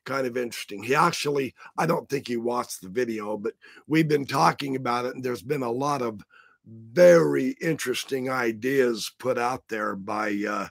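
A hoarse man with a rough, raspy voice hosting a casual live stream, joking around and greeting his viewers by name. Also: medium pitch, fairly bright tone, no room sound, studio quality. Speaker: livestream host.

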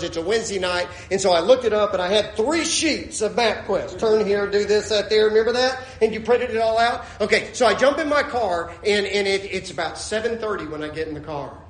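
High-voiced preacher in an echoey room. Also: male voice. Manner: animated, acts out voices of people in his stories. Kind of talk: humorous sermon with storytelling. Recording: echoey room with faint ambience.

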